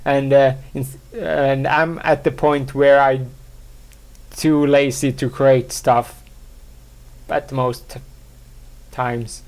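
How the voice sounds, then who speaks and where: A man hosting a solo podcast, talking in a rambling, halting way, full of fillers, restarts and self-mocking asides. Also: mid-range voice, little pitch movement. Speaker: podcast host.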